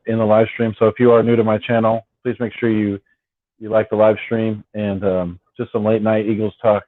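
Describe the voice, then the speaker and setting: A man with a lowish voice hosts a relaxed late-night fan live stream, rambling along and often restarting his words. The sound is thin and phone-like, with no room echo at all. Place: at home on the West Coast. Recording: dry, tinny phone-like sound.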